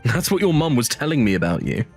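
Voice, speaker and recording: A man's voice: medium pitch, very animated, quick pace, husky, soft background music. A man voicing a smug, mocking ex-husband who cheated on his wife, in a dramatized story.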